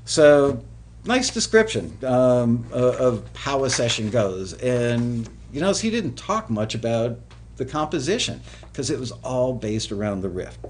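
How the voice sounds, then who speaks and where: A man hosting a music production show, giving relaxed, rambling advice with many fillers. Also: mid-range voice, unhurried, slight background noise. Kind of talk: casual instructional talk.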